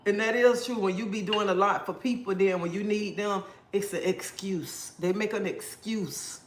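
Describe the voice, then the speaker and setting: Man, high voice, livestream host, preachy advice, answering comments, echoey room. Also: fairly even intonation, normal speed, noisy background. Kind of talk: casual livestream chat. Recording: roomy echo.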